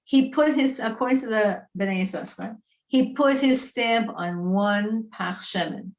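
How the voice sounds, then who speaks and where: A woman teaching a Torah class in a lively, chatty, emphatic way. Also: on the high side, a little slow.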